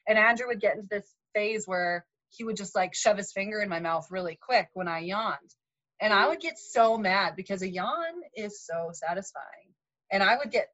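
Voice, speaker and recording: A woman's voice: medium pitch, no echo. Laughing woman host on a muffled call. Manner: animated storyteller, laughs often. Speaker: podcast host. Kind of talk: casual heartfelt conversation. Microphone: video call.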